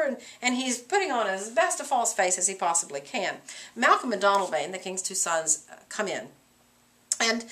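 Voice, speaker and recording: A middle-aged woman teacher lecturing a class on a play, animated and acting out characters' lines. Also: on the high side. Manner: animated, acts out characters' lines in quick voices.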